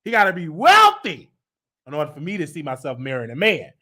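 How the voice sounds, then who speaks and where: A man's voice: a little high, wildly swooping pitch, fairly quick, sharp tone. A man hosting his own show, talking in a casual rambling monologue with many fillers and sudden joking bursts. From United States. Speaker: show host. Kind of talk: casual live-stream monologue.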